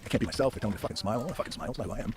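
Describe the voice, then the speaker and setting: A man with a somewhat low voice tearing through a story at a blistering clip as a podcast guest. He talks emphatically, swears often and trips over restarts in his rush. A steady hiss of noise sits under the studio mic. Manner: fast, emphatic, profane storytelling with frequent restarts. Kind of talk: animated storytelling in a podcast interview.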